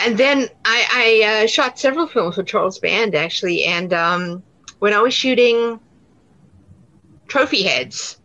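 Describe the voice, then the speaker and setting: A woman's voice: medium pitch, a bit bright, dull audio. A woman with a South African accent, an actor telling stories in an interview, chatty with many fillers and restarts. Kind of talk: casual interview answers.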